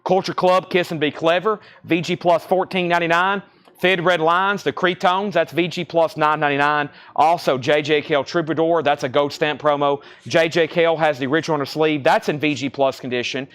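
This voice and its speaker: Broadcasting a live auction from a record shop, this Southern US man reels off record titles, their condition and their prices. He speaks a little fast in a fairly high, slightly bright voice with a steady tone.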